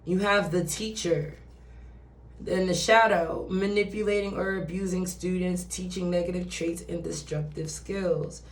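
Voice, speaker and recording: A woman's voice: on the low side, fairly even intonation, measured pace. A woman giving a casual, chatty tarot reading who swears and acts out quoted voices. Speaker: tarot reader. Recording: roomy echo, distant from mic.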